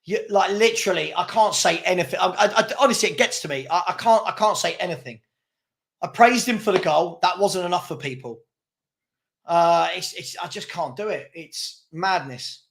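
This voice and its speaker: A young man hosts a live football watchalong, calling the play and ranting at his chat. His voice is high-pitched, creaky and fairly bright, at a moderate pace.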